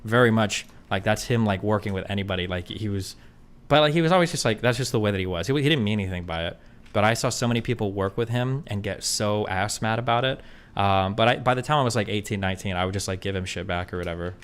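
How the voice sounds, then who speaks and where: Fast-talking, low-voiced man chatting. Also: clean tone. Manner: blunt, profane, rambling with many fillers; reads viewer questions aloud. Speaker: streamer answering chat questions. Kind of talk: casual chat.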